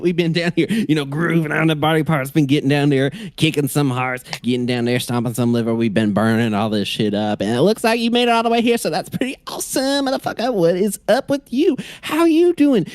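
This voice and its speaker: A man's voice: high-pitched, dry recording. A man voicing a crude, rambling man with a flamethrower who swears and stammers. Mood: manic friendly. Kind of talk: tabletop game character voice.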